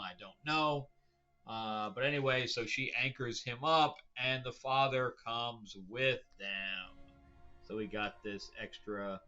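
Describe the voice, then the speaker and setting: A man's voice: medium pitch, sharp tone, dull audio. A male host giving a casual, opinionated comic book review that rambles, with many fillers and restarts. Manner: blunt, opinionated.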